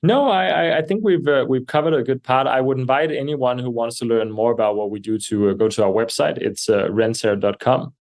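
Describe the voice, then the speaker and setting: A man speaking as a podcast guest, measured and thoughtful, with frequent fillers and restarts. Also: medium pitch, steady tone, a little mellow. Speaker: guest, air purification company representative. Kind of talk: podcast interview answers. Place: New York.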